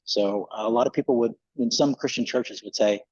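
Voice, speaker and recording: A man's voice: medium pitch, moderate pace, a little mellow, husky, dull audio. A male pastor giving a casual, conversational sermon in a church, with loose fillers.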